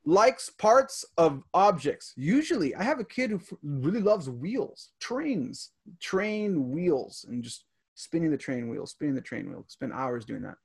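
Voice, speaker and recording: A man's voice: fairly high pitch, sing-song, measured pace, vocal fry, breathy edge. A man who works as a teacher, chatting on a podcast, reading items from a list and adding stories from his classroom. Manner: reads items aloud and adds classroom stories.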